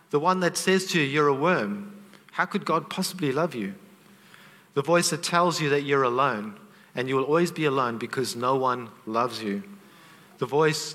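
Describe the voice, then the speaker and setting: Heartfelt middle-aged guy talking faith, a bit high voiced, emotional, lots of reverb. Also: bright, forceful tone. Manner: earnest, heartfelt, openly emotional. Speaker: Christian teacher. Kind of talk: faith teaching with personal story.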